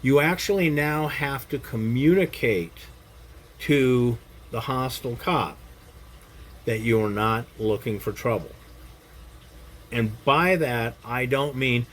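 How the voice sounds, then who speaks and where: A middle-aged or older man gives a blunt, casual self-defense lesson to the camera, his medium-pitched, slightly bright voice moving slowly with frequent pauses. He swears freely and checks in with his listener often, tacking "Okay?" onto his points.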